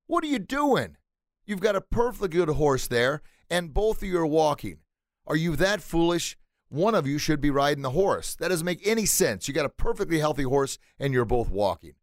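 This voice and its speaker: A man voicing an indignant townsperson who yells insults in a raised, high voice. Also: sing-song, normal speed, dry recording, studio quality. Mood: scolding. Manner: indignant, high-pitched, shouting. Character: shrill, scolding townsperson yelling insults.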